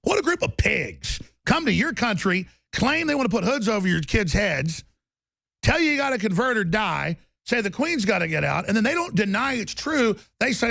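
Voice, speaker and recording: A male talk show host delivering a loud, rambling monologue with a gravelly voice, bursting into shouting. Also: high voice, big pitch swings, moderate pace, no room sound. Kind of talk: ranting monologue.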